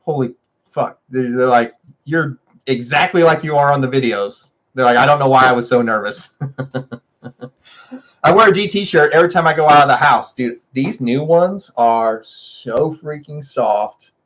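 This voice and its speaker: A man's voice: moderate pace, fairly bright tone, highs cut off. A man hosting a casual livestream, chatting with viewers and laughing often. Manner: chatty, laughs often, scolds his dogs in a high voice. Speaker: livestream host.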